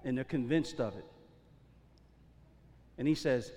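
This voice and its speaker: A pastor with a medium-pitched, slightly mellow voice preaches a little slowly. He keeps the sermon casual and slangy, repeatedly checking in with his congregation. It's recorded in a church sanctuary with the long reverb of a large hall.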